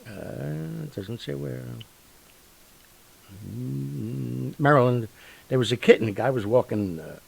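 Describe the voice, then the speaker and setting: A man hosting a show, telling stories in a rambling, animated way with lots of fillers and sound effects. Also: mid-range voice, slow, vocal fry, long pauses, slightly rough, low-quality recording. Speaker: radio show host. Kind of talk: casual storytelling monologue.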